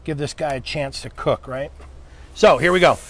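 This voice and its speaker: A man's voice: fairly high pitch, normal speed, fairly bright tone. A man hosting a live cooking demo, chatting upbeat with viewers and his helper as he cooks. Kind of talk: live cooking stream, casual chat.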